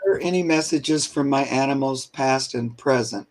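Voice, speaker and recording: A man co-hosting a casual live stream, relaxed, reading out viewer comments. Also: mid-range voice, moderate pace. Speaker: co-host.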